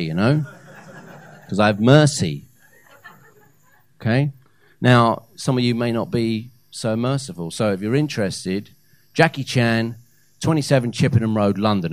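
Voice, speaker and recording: A man in his thirties performing a live stand-up set on a comedy club stage into a handheld mic, with hesitant fillers and loud punchlines. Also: mid-range voice, animated, normal speed, no echo. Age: 30s.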